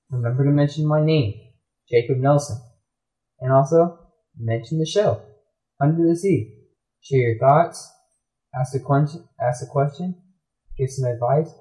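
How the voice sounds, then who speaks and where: A man's voice: on the high side, dark tone. A man hosting a kids' radio show, chatting loosely and rambling, with frequent "like"s. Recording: roomy echo.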